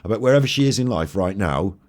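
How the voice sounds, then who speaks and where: A man's voice: on the low side, expressive, quick pace. A man giving crude, sarcastic commentary on old TV clips and laughing often. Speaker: host.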